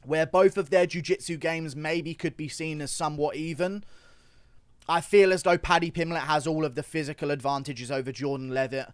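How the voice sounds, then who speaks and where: A man with a British accent talks steadily to his viewers and lays out his views. His voice is a touch high, and it is recorded dry, with no room sound. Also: normal speed, no echo. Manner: steady explanatory talk, addressing viewers. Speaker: YouTube fight analyst. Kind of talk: casual spoken commentary.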